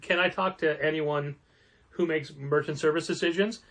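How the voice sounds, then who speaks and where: A man with a somewhat high voice co-hosting a relaxed podcast, speaking in a measured, deliberate way. He adds grumbling asides as he complains. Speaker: podcast co-host, comic shop co-owner. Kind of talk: casual podcast chat.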